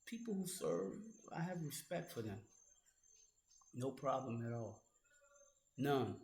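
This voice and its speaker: A man's voice: mid-range voice, animated, takes it slowly, darkish tone. Angry, profane man ranting in an echoey room. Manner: angry, profane, confrontational, addressing a critic directly. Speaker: online commentator. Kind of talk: heated monologue rant. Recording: roomy echo.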